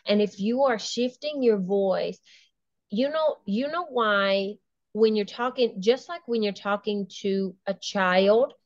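A woman's voice: mid-range voice, slow pace, no echo. A woman guest in a casual interview, talking enthusiastically, laughing often and restarting her sentences. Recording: dull lo-fi dry sound.

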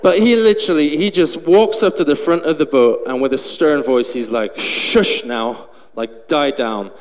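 High-voiced aussie guy preaching, acting the story out, kinda out of breath, big echoey church hall. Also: normal speed. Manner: animated, acts out the scene. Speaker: pastor. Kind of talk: storytelling sermon. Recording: long hall reverb, faint noise.

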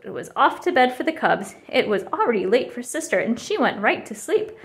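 A woman reading a children's picture book aloud in an expressive, animated way. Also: a little high. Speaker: storybook reader.

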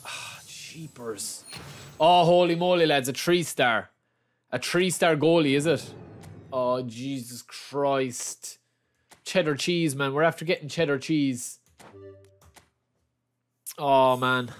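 Opening player packs on his stream, this Irish man keeps repeating his exclamations and addresses viewers as lads. He speaks in an unhurried way with long pauses, his voice on the high side.

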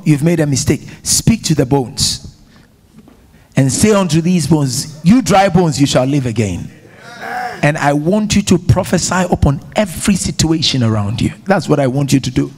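In a church hall full of congregants, a man with an African accent preaches emphatically and rousingly, calling on listeners to repeat after him in call-and-response. His voice is fairly high-pitched and darkish in tone, with lively intonation and normal speed.

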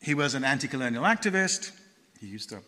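A man lecturing in a university hall, his bright voice rising and falling with lively intonation. He speaks in a measured way, pausing and filling gaps with small hesitations. The sound carries a long reverb from the hall. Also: medium pitch. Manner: measured storytelling with frequent pauses and fillers. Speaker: guest lecturer. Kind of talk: public lecture.

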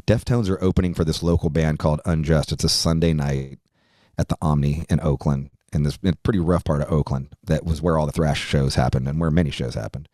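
Low-pitched male podcast guest, profane rambling storyteller, dry close sound. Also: steady tone, a little fast, mellow, no room sound. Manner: profane, rambling, laughs while telling. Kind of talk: casual storytelling anecdote.

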